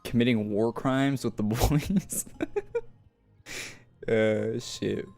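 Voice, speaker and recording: A man's voice: mid-range voice, extremely slow, gravelly, dark tone. A young man streaming a game, rambling through school stories in casual chat. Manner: rambling storytelling with laughs. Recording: faint music behind.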